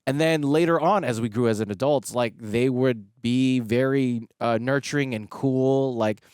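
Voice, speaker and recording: Smooth-voiced man rambling casually. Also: mid-range voice, normal speed, darkish tone, dry recording, clean studio sound. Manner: rambling, many fillers and restarts. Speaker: movie reaction co-host. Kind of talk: casual reaction chat.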